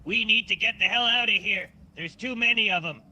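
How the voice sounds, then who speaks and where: A man's voice: high voice, brisk, pushed and bright, lo-fi sound, pitched above the performer's own voice. A man voicing an urgent male crew leader giving orders.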